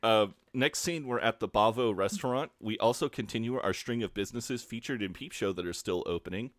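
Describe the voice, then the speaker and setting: A man co-hosting a podcast talks through episodes in a relaxed, chatty way. He reads from his notes and breaks into laughs often. His voice sits fairly low, and it is recorded close and dry with no room sound. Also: brisk, dry recording. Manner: laid-back, laughs often, recaps from notes. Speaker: podcast co-host. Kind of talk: casual podcast recap chat.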